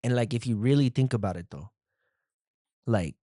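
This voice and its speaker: Here a man speaks in a warm, mid-range voice close to how he'd normally talk, at an ordinary pace and with no echo. He's a podcast host doing a comedic bit, playing a vulnerable young guy from the street who drawls slang and finishes lines with "fool" or "dog." The mood is relaxed, and the phone recording was made in a dry room.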